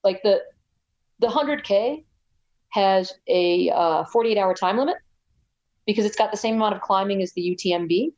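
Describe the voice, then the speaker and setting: An American woman telling a story as a guest in a casual interview, chatty and animated, with frequent restarts. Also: mid-range voice, moderate pace, long pauses, dull audio. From United States. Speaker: guest, ultrarunner.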